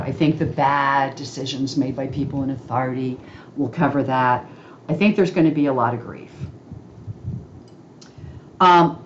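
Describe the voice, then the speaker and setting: A woman's voice: low voice, muffled recording, slight background noise. A woman giving an informal astrology talk, chatty and checking in with listeners by asking "okay?" as she goes.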